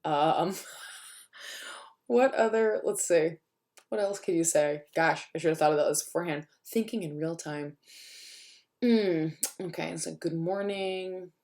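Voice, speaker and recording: A woman's voice: on the low side, unhurried, pauses often, a little mellow. A woman teacher talking through a screencast tutorial, chatty and thinking aloud as she types at her computer. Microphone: computer mic while screen recording. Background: keyboard typing.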